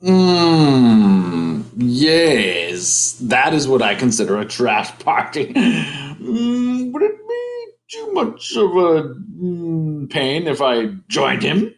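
A man voicing a prim, trash-loving male guest in a slow, formal, put-on accent. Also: a little high, wildly swooping pitch, exaggerated voice.

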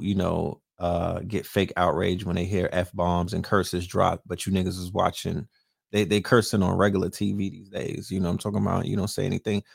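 Gravelly, brash late-night stream host. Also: male voice, low-pitched, no room sound, studio quality. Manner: profane, brash trash talk; frequent rhetorical asides to viewers. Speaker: livestream host. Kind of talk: late-night livestream chat.

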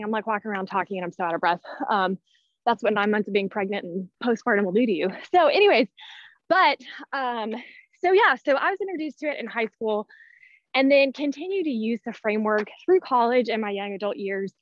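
A woman's voice: a little high, lively intonation, a little fast, dry recording. A woman in her thirties, out of breath, chatting casually as a podcast guest with lots of fillers and restarts. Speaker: guest, personality-type teacher. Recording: dull, dry lo-fi sound.

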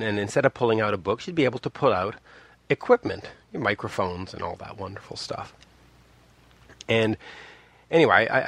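A low, gravelly male voice, recorded close and dry, with no room sound. He is a man in his fifties from Montreal, telling a personal story casually. He rambles and restarts, and jumps sharply in pitch whenever he imitates someone he quotes. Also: fairly bright tone, no echo. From Montreal, Canada. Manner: rambling, with many restarts and asides; acts out quoted people with big pitch jumps.

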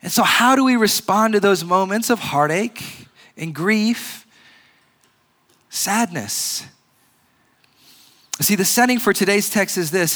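Pastor, male, slightly high voice, earnest measured sermon delivery with frequent restarts. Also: expressive, a bit bright. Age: adult with a grandfather recently passed.

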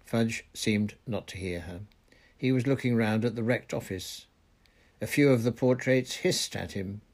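A man reading a novel aloud in steady, deliberate narration. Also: mid-range voice. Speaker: reader. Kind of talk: audiobook narration.

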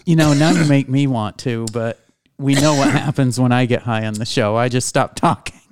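A man's voice: medium pitch, normal speed, no echo, clean studio sound. A man co-hosting a casual radio talk show, laid-back and teasing. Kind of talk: casual podcast chat.

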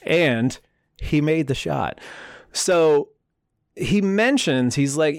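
Animated, laughing man telling a story. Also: medium pitch, slow pace, no room sound. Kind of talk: casual chat.

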